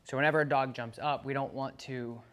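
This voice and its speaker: A man at a middle pitch coaches a client through dog training exercises in a calm, steady way. He explains each step plainly and counts out the seconds for the client. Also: fairly quick. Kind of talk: instructing a client during training.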